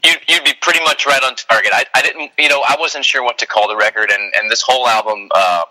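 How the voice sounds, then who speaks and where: Bright-voiced man chatting as a band guest. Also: medium pitch, fast talker, poor audio. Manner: relaxed, rambling, many fillers. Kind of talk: casual phone interview.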